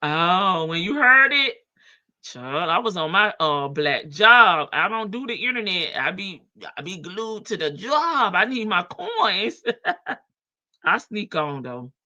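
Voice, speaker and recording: A woman's voice: on the low side, big pitch swings, takes it slowly, sharp tone. Laughing woman live-streaming to her chat. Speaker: livestream host. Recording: dull lo-fi stream audio.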